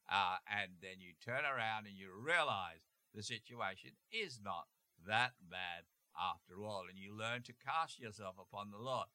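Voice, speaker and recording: A man's voice: medium pitch, sharp tone, no room sound. A man giving an informal Christian sermon on anxiety, talking conversationally and acting out quoted thoughts and prayers. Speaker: Christian teacher.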